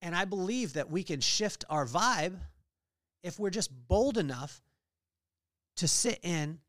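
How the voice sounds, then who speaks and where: Lively middle-aged man, motivational faith talk. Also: sits high, measured pace, dry recording, clean studio sound. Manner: lively storytelling with scripture readings. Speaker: podcast host.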